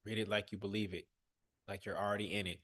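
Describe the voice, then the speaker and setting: A man's voice: lowish voice, little pitch movement, fast talker, a bit bright, no room sound, clean studio sound. A man hosting a live online coaching session, giving direct, coaxing instructions with casual slang. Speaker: workshop host.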